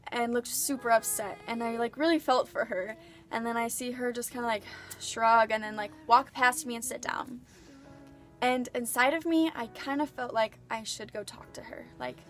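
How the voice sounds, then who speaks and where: A young woman vlogger telling a personal story in a chatty, earnest way, full of filler words. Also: on the high side. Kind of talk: casual storytelling.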